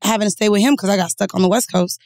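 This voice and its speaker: A woman co-hosting a podcast, telling stories in a blunt, profane, animated way. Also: medium pitch, very fast, no echo, clean studio sound. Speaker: podcast co-host. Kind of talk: candid casual chat.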